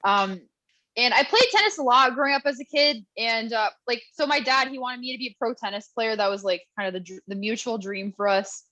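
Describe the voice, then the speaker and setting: A woman's voice: on the high side, brisk, sharp tone, dry recording, lo-fi sound. A young woman from Canada doing a chatty stand-up set over a video call, with ironic asides. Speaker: stand-up comedian.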